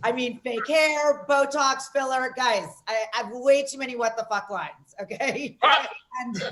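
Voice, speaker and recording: A woman from Las Vegas hosting a comedy show, doing loud, rambling, self-mocking stand-up. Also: high voice, a little slow.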